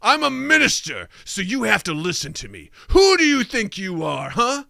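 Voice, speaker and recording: A man's voice: high voice, animated, moderate pace, vocal fry, sharp tone, dry recording, studio quality, pitched above the performer's own voice, full character voice. A man playing a pompous old minister. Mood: indignant. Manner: pompous, huffy, bossy. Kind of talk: comedic podcast anime dub parody.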